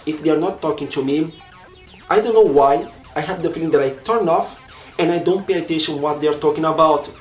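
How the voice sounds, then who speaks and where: A young Brazilian man whose first language is Portuguese talks earnestly to camera in a chatty vlog, with a Brazilian Portuguese accent. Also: fairly high pitch. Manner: earnest and chatty, simple non-native phrasing. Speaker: vlogger. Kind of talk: casual talk to camera. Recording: echoey room with faint music.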